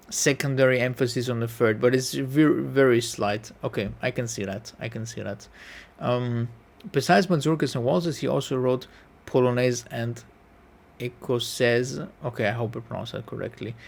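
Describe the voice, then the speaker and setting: A man's voice: mid-range voice, creaky. A man taking a music quiz on camera, thinking aloud, correcting himself and humming passages. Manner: musing, self-correcting, hums melodies. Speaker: piano YouTuber taking a quiz.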